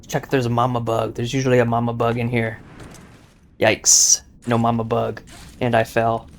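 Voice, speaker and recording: A man's voice: medium pitch, completely flat delivery, normal speed, vocal fry. A young man giving casual, joking gameplay commentary, boastful and rambling with lots of filler words. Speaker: gaming YouTuber.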